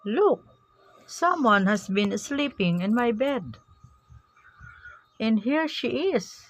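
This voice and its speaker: A woman voicing a little tiny baby bear cub with a high, squeaky voice and an excited, wide-eyed way of talking. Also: slow, exaggerated voice.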